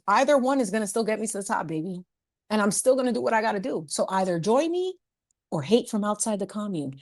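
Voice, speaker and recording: A woman's voice: medium pitch, darkish tone. Sassy playful woman streamer. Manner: playful and sassy, laughs often, drops Spanish words. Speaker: livestream host. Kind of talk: casual livestream chat.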